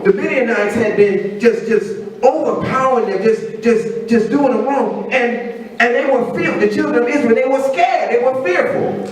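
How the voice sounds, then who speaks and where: High-voiced preacher in echoey hall. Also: male voice, darkish tone. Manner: conversational storytelling, acting out quotes in a low voice. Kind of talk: sermon. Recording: very echoey room, voice from a distance.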